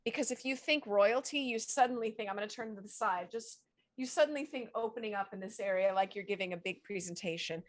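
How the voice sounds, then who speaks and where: A woman's voice: medium pitch, fast talker, no echo. A woman voice coach explaining acting tips in an encouraging, hands-on way. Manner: explanatory, encouraging, demonstrates as she talks. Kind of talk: casual coaching chat.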